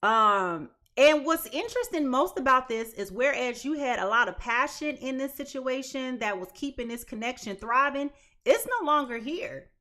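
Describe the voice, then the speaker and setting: A woman's voice: high voice, animated, moderate pace, sharp tone. A woman giving a casual tarot reading to viewers, emphatic and chatty, stacking repeated phrases and restarting often. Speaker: tarot reader.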